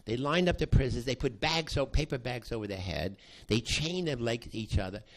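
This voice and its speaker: Older man telling a story in halting bursts. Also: mid-range voice, animated. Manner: halting, with many restarts, acting out quoted voices. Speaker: psychology professor recounting a past study. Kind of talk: spoken storytelling to an audience.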